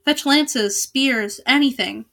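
A woman's voice: high voice, slow pace, gravelly, sharp tone, heavily acted. A woman voicing a sorrowful, courtly man knight in armor in a storybook read aloud, with formal speech. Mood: urgent.

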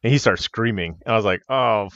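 A man's voice: on the low side, fast talker, a bit bright, no echo. A man co-hosting a podcast, telling locker-room stories in casual chat, laughing often and swearing freely. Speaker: podcast co-host, wrestler. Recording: dull, muffled audio.

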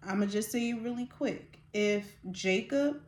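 A woman's voice: mid-range voice, unhurried. Passionate woman host talking in a roomy space. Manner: passionate, gets excited and laughs, slangy asides. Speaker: podcast host. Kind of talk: faith-based casual talk.

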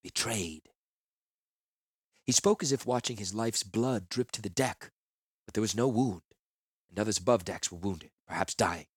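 A man narrating a first-person fantasy novel in a measured, earnest way. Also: fairly low pitch, breathy edge, no echo, clean studio sound. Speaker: audiobook narrator.

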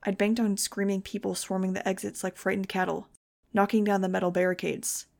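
A woman's voice: mid-range voice, little pitch movement, brisk, vocal fry, a little mellow. A woman narrating a novel in a wry first-person style for a fan audiobook. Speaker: audiobook reader.

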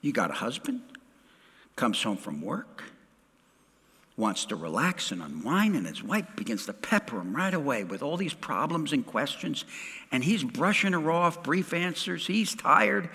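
Animated middle-aged preacher, bright voice. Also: male voice, a little high, a little slow, breathy edge, big-room sound. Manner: dramatic preacher, swings from loud to hushed. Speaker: pastor. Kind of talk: sermon.

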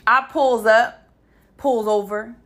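Blunt, animated woman telling a story. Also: fairly high pitch, takes it slowly. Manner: animated, blunt, swears freely, talks straight to viewers. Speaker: vlogger. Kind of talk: casual storytime monologue.

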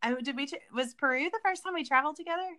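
A woman co-hosting a podcast in relaxed conversation, with a bright, forward tone. She laughs often and lets sentences trail off. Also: high voice, rapid-fire. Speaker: podcast co-host. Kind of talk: casual chat.

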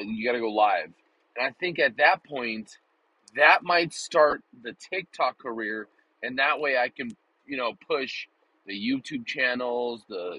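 A man's voice: medium pitch, no room sound, dull audio. A man vlogging in a rambling, joking, profane casual monologue. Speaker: vlogger and podcaster.

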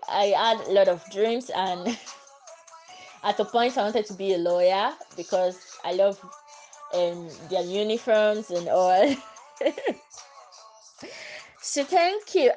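A woman's voice: mid-range voice, low-quality recording. Earnest woman podcaster, slightly stuffy. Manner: earnest, repeats phrases. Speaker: podcast host. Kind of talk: casual solo podcast talk.

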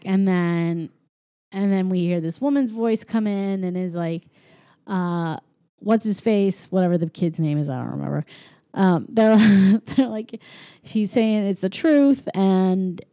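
A woman co-hosting a podcast, casually retelling a movie plot with giggles and quick acted-out lines. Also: mid-range voice, warm tone, no room sound, studio quality. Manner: rambling, giggly, acts out lines in quick voices. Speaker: podcast co-host. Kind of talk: casual chat recapping a movie.

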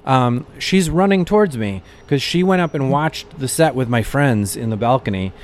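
A man's voice: medium pitch, normal speed, slight background noise. Male comedian, chatty anecdote-teller with a middle-range voice and loose, filler-heavy delivery. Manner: animated anecdotes with frequent fillers. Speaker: comedian guest. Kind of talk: casual storytelling chat.

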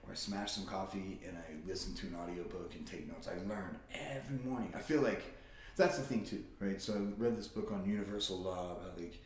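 A man's voice: sits low, brisk, a little mellow, a little hiss or hum. A man telling his own story in a blunt, profane, casual way as a guest. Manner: blunt and profane, swears often. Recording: very echoey room.

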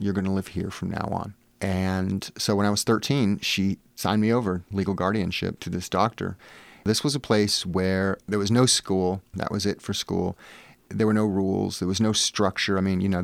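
Gravelly-voiced man telling wry stories. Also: low voice, steady tone, normal speed, dry recording. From Massachusetts, US. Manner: candid, wry, lots of "you know" fillers. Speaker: memoir author, guest. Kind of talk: personal storytelling in an interview.

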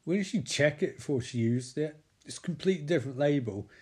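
A man recapping a TV episode with sarcastic, sweary, excitable commentary. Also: a little high, fairly quick. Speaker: comedic TV recapper.

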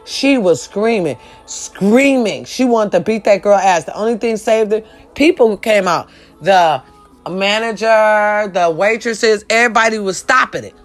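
Loud profane woman telling a story. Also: expressive, unhurried, soft background music. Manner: profane, loud, dramatic, addresses viewers as y'all; acts out quoted voices with big pitch jumps. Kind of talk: animated storytime rant to camera.

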